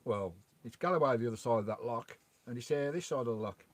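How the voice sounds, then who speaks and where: A man's voice: mid-range voice, expressive, fast, no echo. Man doing a chatty live stream outside by a loch, reading out chat and saying hiya to folks, remote mic. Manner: chatty, greets and reads out viewers' chat messages. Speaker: vanlife livestream host. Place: outdoors by a loch beside his van. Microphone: remote microphone.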